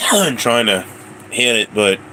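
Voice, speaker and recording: A man's voice: medium pitch, big pitch swings, slow, pushed and bright, a little hiss or hum. A man streaming himself at slot machines, out of breath, coughing often and grumbling at the machine in casual chat. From Colorado, USA.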